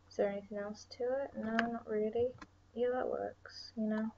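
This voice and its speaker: A woman's voice: on the high side, steady tone, moderate pace, gravelly. Brief: young woman, drowsy and chatty, rambling drawing commentary, slightly dull mic with faint hiss. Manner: rambling, chatty, drifts into soft whispers and sighs. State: tired, yawning. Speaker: artist streaming her drawing.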